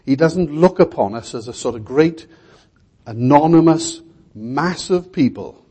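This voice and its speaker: A man's voice: a little high, animated, unhurried, dark tone, breathy edge. An older man preaching a sermon in an earnest, emphatic way, repeating key words.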